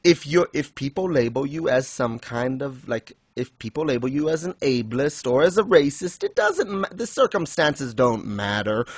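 A man's voice: medium pitch, very animated, moderate pace, few pauses, husky, dry recording. Dry-voiced man recapping, laughing often. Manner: chatty, laughs often, acts out quotes. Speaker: podcast host. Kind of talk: casual recap chat.

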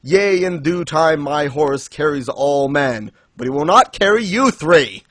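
A man's voice: fairly high pitch, expressive, a little slow, a bit bright, dry recording. A man quoting a solemn Death, declaiming. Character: solemn Death figure, male, stern.

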